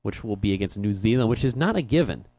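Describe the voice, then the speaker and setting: A man's voice: fairly low pitch, animated, fast talker, warm tone, no echo. A man co-hosting a soccer talk show, chatting casually with frequent laughs and rambling restarts. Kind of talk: casual sports chat. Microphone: headphones in a studio.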